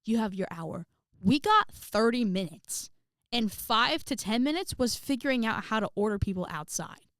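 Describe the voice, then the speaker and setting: A young adult woman telling a story on her vlog in a sassy, animated way, with exaggerated outbursts. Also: a little high, normal speed, no room sound, clean studio sound. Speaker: vlogger.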